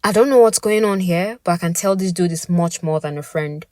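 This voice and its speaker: A woman's voice: fairly low pitch, a little fast, warm tone, no echo, studio quality, lightly acted. Woman voicing a hurt, suspicious boyfriend. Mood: bitter. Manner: interrogating, cold.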